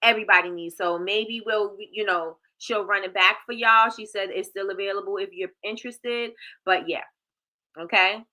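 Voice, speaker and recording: Woman, livestream host, chatty, bright voice. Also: medium pitch, moderate pace. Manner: chatty, reads viewer comments aloud, lively. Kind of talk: casual livestream chat.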